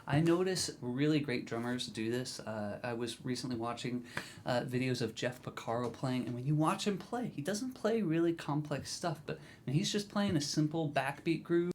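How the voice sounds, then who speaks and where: Guy teaching drums, chill and encouraging, normal pitched voice, bit of hiss. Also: moderate pace. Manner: relaxed and encouraging, counting in and scatting drum rhythms. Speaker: drum teacher. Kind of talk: instructional video talk.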